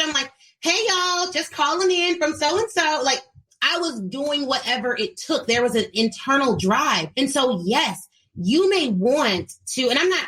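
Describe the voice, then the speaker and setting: Emphatic American woman coaching with animated pitch. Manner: emphatic, preachy, direct address to listeners; plays quoted voices in her retelling. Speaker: podcast host and speaking coach. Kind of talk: solo motivational business talk.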